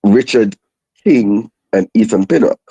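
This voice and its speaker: Husky low-voiced man talking football. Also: warm tone, no room sound, rough recording. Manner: measured, hesitant, with restarts. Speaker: guest analyst. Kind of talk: casual football chat.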